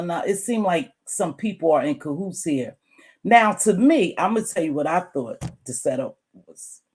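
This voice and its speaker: A YouTube commentator with a lowish, darkish voice delivers a casual, chatty monologue, musing and repeating her points. She chews gum the whole time she talks.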